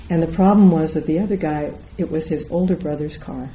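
Low, mellow-voiced woman giving a Zen talk. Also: fast talker, hardly any pauses, a little hiss or hum, low-quality recording. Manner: storytelling, acts out quoted voices. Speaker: Zen teacher. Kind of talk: dharma talk.

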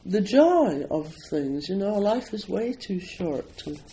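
Older man from Scotland, slightly high voice, unhurried, chatty and digressive, easy laughs. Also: big pitch swings, dark tone, slight background noise, rough recording. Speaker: speaker at a Zen centre. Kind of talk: casual talk introducing a poetry reading.

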